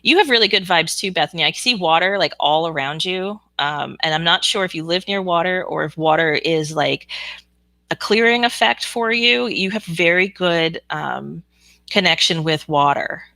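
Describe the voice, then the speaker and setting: Bright, frank woman chatting to viewers. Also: fairly low pitch, lively intonation, moderate pace, gravelly, dry recording. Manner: chatty and frank, answering viewer comments with frequent ums. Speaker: psychic reader hosting a live stream. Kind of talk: casual live stream chat with viewers.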